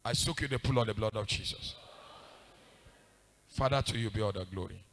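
A male pastor preaching in a church service, swinging between shouted commands and hushed pleading in a sing-song cadence. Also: on the low side, fairly quick. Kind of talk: fiery prayer sermon.

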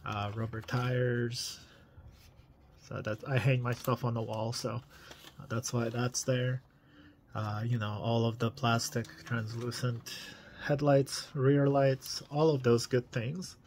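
A man's voice: mid-range voice, level tone, slow pace, darkish tone, slight background noise. A man casually reviewing collectible toy cars in an enthusiastic, chatty way, full of fillers.

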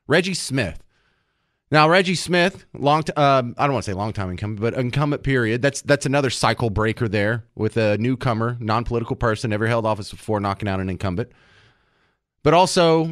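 Talk radio host, male, mid-pitched, chatty and opinionated, dry close sound. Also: no echo. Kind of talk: casual political commentary.

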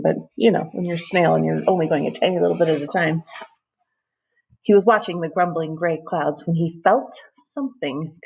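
Gravelly, husky-voiced librarian reading aloud. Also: female voice, on the low side, poor audio. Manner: chatty, casual asides, playful. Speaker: school librarian. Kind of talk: reading a picture book aloud to children.

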